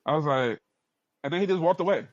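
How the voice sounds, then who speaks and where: A man from New York with a New York accent, a podcast guest telling a story in casual conversation, animated, acting out dialogue with jumps in pitch and frequent laughter. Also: dry recording. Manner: animated, acts out dialogue with quick shifts up in pitch, laughs often. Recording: dull, dry podcast audio.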